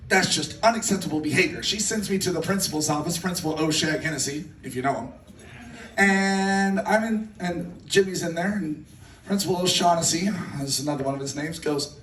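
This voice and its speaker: A man's voice: on the high side, fairly quick, fairly bright tone, slight background noise. A man telling a long comic shaggy-dog story at a bardic gathering, rambling and repeating himself as he laughs through it. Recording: echoey room recorded from far off.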